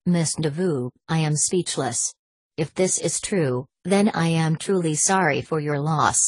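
A woman's voice: low voice, unhurried, slightly rough, no echo. A woman reading as a stern older scholar. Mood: shocked. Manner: cold, clipped and formal.

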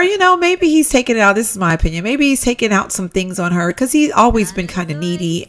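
A woman giving casual, chatty commentary while playing a life-simulation game, excitable and addressing viewers as "y'all". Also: on the low side, vocal fry. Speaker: Sims let's-play creator.

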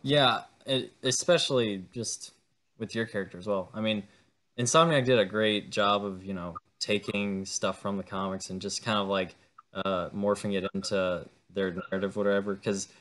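Man, podcast host, casual interview, lowish voice, fan-like, hesitant. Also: steady tone, moderate pace, fairly bright tone. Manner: fan-like, admiring, hesitant phrasing.

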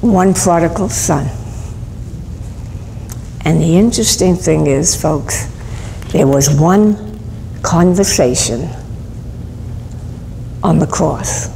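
A woman with a lowish, gravelly voice preaches through stories, lively and emphatic. The sound is a hall recording with a long reverb tail. Faint room noise sits behind her. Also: takes it slowly, long pauses. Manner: animated storyteller, bursts of emphasis. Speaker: Catholic nun giving a talk at a school. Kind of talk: storytelling sermon.

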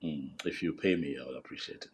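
A man's voice: a bass voice, fast, husky. An actor with a Nigerian accent playing a persistent, smug, flirtatious male office colleague in a film. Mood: sly. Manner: persistent, cajoling, laughs at others. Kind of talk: Nollywood film acting.

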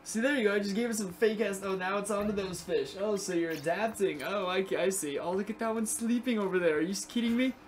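A young man giving casual, excitable gameplay commentary, swearing and chatting to the game's creatures. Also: high-pitched, fast, few pauses. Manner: excitable, profane, talks to game creatures. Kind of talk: casual let's play commentary.

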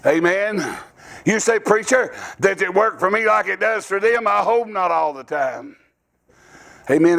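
A middle-aged man preaching a revival sermon in a church, with a folksy, rambling delivery that bursts into shouts. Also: sits high, vocal fry. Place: church sanctuary.

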